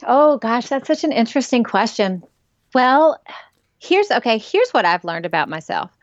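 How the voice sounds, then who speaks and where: A woman's voice: fairly high pitch, sing-song, normal speed, no room sound, dull audio. A woman author and ministry director talking in a casual interview, telling stories animatedly and with emphasis.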